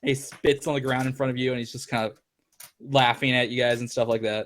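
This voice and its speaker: A man's voice: medium pitch, little pitch movement, a little fast. Man, game master, tabletop narration, rambling, filler words.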